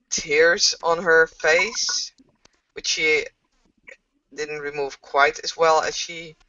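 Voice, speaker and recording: Brief: woman narrating a tabletop game, slow and halting, dry and far from the mic. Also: low voice, sharp tone, no room sound, dull audio. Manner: slow, hesitant with many fillers. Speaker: game master.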